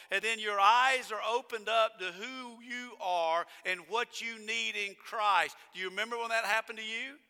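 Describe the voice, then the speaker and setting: Male pastor, high-pitched, very bright tone, emphatic sermon delivery, long church reverb. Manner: emphatic, repeats phrases, slows down to stress key words. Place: church sanctuary.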